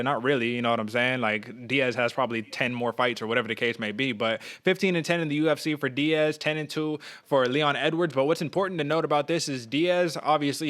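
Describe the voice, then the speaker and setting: Man, quick talker, casual sports podcast chat, animated, asks lots of questions. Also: mid-range voice. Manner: fast, animated, asks questions, acts out quotes. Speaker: podcast co-host.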